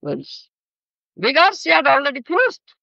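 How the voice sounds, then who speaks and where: An older spiritual teacher from Odisha, India, with an Odia accent, gives a sermon, often asking "you understand?" and explaining terms. His voice is extremely high and gravelly, with wildly swooping pitch, a bright, forceful tone and a moderate pace. The recording is dry, dull, lo-fi archive audio.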